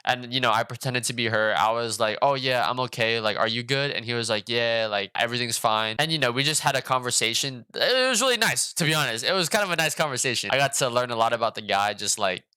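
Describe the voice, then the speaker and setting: A man tells a casual storytime on his vlog in a slangy, animated delivery that is full of swearing and asides. His voice is bright and forward, and he sits right on the mic in a dry, close sound. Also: medium pitch, fast talker, few pauses, smooth, no echo. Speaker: vlogger.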